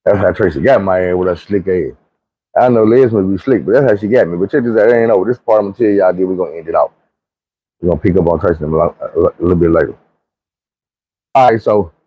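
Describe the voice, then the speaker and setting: A man's voice: warm tone, breathy edge, no echo, dull audio. A man telling a comic story in a casual, profane, rambling way. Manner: profane, slangy, rambling, leaps into high squeaky voices for quotes.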